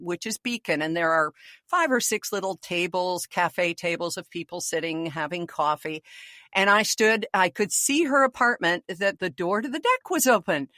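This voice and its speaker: A woman's voice: fairly low pitch, no echo, studio quality. A woman in her sixties, a podcast co-host, telling a story in casual chat and acting out the voices of the people in it. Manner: animated storyteller, acts out voices.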